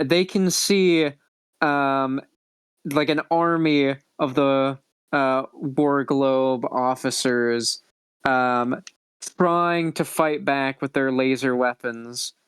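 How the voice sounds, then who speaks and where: A man running a tabletop role-playing game, recapping and narrating with frequent laughs and halting restarts. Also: medium pitch, fairly even intonation, clear, resonant tone, no room sound. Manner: laughing, halting, loose storytelling. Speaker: game master.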